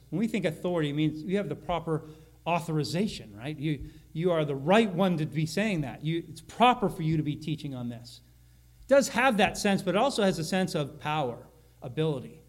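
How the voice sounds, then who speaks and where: A man preaching a sermon as a pastor, reading scripture aloud and explaining it, often restarting his sentences. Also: sits high. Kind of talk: expository sermon.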